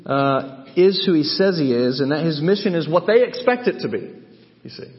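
A man's voice: on the high side, expressive, normal speed. A man teaching through a Bible passage in a sermon, emphatic and thinking aloud with frequent restarts. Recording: dull sound with long hall reverb.

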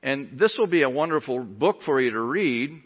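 A man's voice: medium pitch, lively intonation, normal speed. A man preaching a sermon as pastor, emphatic and earnest. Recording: lo-fi recording in a reverberant hall.

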